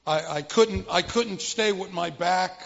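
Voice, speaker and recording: A man's voice: sits high, unhurried, vocal fry. An older man giving a dramatic personal testimony in a church hall, a vivid storyteller who acts out scenes and often restarts his sentences. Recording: muffled recording with long hall reverb.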